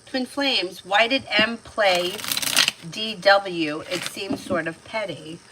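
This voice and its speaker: A woman's voice: medium pitch, slow, very noisy. A woman in her thirties giving chatty, casual tarot readings on a livestream, laughing often as she talks. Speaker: tarot reader.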